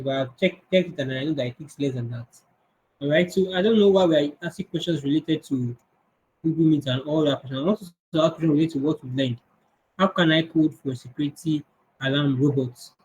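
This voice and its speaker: A man's voice: fairly high pitch, low-quality recording. Man teaching an online coding class. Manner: conversational, answers questions, restarts often. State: strained voice. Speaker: coding instructor.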